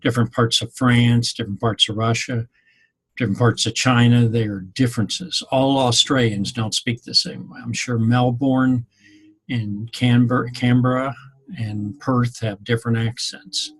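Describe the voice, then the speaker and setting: A man's voice: medium pitch, steady tone, a little slow, husky. A man giving a rambling, conversational class talk to his students. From Missouri, USA. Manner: rambling, conversational, with many ums. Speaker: instructor. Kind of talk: informal recorded class talk.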